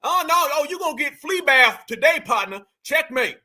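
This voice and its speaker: A man's voice: very high-pitched, expressive, normal speed, bright, forceful tone. A man hosting a fiery political commentary broadcast, speaking in with an emphatic, mocking, preacher-like delivery that calls out to his audience. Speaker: commentary channel host.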